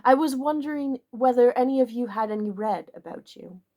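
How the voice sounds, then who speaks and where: A woman voicing a stately foreign male stranger who speaks softly, slowly and with formal courtesy. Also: fairly high pitch, lightly acted. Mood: courtly.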